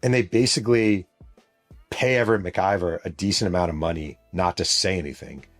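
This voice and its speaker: This podcast host and author, a middle-aged man from New York State, speaks fairly quickly in a low-pitched voice. He recounts a story loosely and vividly, swearing as he goes, with soft music playing in the background.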